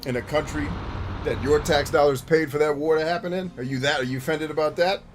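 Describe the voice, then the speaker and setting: A man hosting a gaming show, talking bluntly and profanely in casual commentary while he plays, with quick jokey asides. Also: fairly high pitch, fairly even intonation, over music. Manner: laughs easily, jokey asides.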